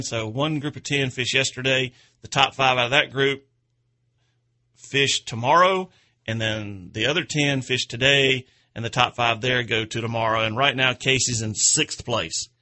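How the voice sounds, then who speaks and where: A man's voice: medium pitch, moderate pace, sharp tone. A man hosting an outdoors radio show, chatting in a rambling, folksy way and chuckling at his own stories. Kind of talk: casual radio chat.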